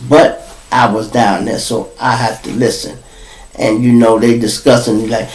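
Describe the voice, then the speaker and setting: A man with a Chicago accent spins a loud, lively story from his own podcast, slipping into other people's voices and bursting into laughs and shouts. His voice sits at an ordinary pitch. The sound bounces around a roomy space. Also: normal speed. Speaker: podcast host telling a jail story. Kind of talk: animated storytelling. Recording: roomy echo.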